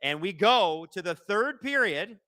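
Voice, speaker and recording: A young man hosts a live hockey watch-along, narrating the action in fast play-by-play. His voice sits high and sounds bright and forceful. He gets loud and profane when he is angry at the referees. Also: no room sound. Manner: excitable, shouts and swears at the referees. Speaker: live stream host watching a hockey game.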